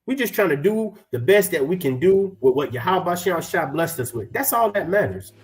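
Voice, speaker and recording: High, animated preaching man. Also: poor audio. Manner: animated and emphatic, slows down to read verses; slangy, repeats "man" often. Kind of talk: streetwise online preaching with scripture reading.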